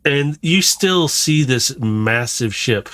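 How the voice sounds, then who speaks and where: A man narrating as game master in a relaxed, rambling way, often chuckling. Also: mid-range voice, takes it slowly, no room sound.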